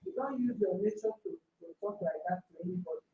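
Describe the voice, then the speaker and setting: A woman's voice: mid-range voice, lively intonation, fast talker, narrow, tinny audio. A woman with a Nigerian accent mediating a dispute, stern and lecturing as she scolds. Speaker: mediator host. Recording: echoey room heard from a distance.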